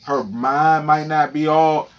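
A man hosting a podcast, telling a crude freestyle story in an excitable way, repeating words and phrases and jumping high when he relives a panic. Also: slow, lo-fi sound. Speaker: podcast host.

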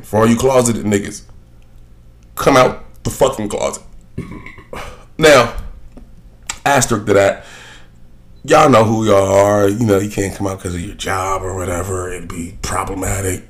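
A man's voice: lowish voice, steady tone, measured pace, long pauses. A young man hosting a solo podcast, ranting bluntly and profanely in a rambling, offhand way. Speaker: podcast host. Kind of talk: casual solo podcast rant.

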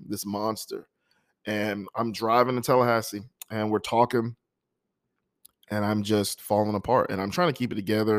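A man telling a personal story before reading a poem, speaking softly with halting, emotional pauses. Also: on the low side, no room sound, studio quality. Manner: soft-spoken, halting and emotional. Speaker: poet introducing a poem.

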